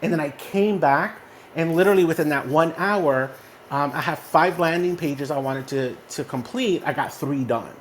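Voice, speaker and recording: A man's voice: fairly high pitch, normal speed, a little hiss or hum. A man from Texas co-hosting a casual motivational chat in a social audio room. He tells stories with lots of energy and keeps asking "right?". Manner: animated storyteller who often checks in with "right?". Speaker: co-host. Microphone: phone in a social audio room.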